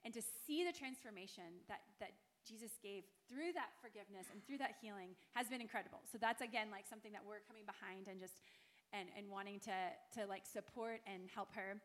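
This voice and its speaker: A woman's voice: medium pitch, fairly quick, a bit bright. A middle-aged woman telling a heartfelt story to a church gathering, earnest and full of fillers. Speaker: guest missionary. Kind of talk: church testimony talk.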